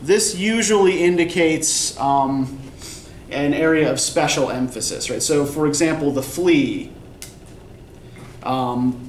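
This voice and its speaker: A man's voice: a little high, slow. A male college English instructor giving a classroom lecture, explaining step by step and checking in with "right?". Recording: echoey classroom from far off, faint noise.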